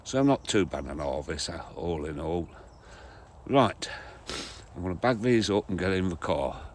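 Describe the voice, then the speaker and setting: A man's voice: sits low, animated, moderate pace, a little hiss or hum. A man with a head cold, chatting in a homely way to his viewers as he films his allotment and then sits in his car on a frosty day. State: has a head cold, sniffly. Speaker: gardening vlogger. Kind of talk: casual vlog chat.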